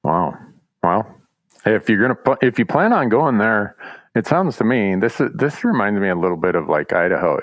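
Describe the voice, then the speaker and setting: A relaxed man co-hosting a hunting podcast, talking in easy, loose conversation. His voice sits on the low side and the sound is dry and close, with no room around it. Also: dry recording. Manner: laid-back, chuckles often. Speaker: podcast co-host. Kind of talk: casual chat.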